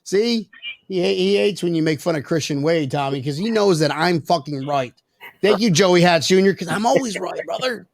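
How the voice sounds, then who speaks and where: A man hosting a casual sports podcast, brash and profane, joking loudly with his co-hosts. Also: high-pitched, expressive, normal speed, creaky, no echo, studio quality. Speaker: podcast host.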